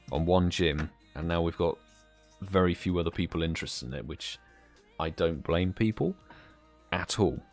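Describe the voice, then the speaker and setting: A young British man hosting a live stream, chatting casually and greeting viewers by name. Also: low voice. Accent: British English. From United Kingdom. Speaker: livestream host.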